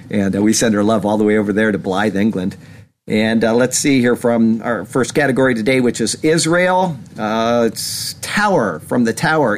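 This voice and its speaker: A mid-pitched American man hosts a weekly prophecy update. He rambles and corrects himself often, filling pauses with "uh" and "um". A faint hiss sits under his voice. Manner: rambling, many fillers and self-corrections. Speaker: host of a weekly prophecy show. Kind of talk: casual scripted commentary, reading news.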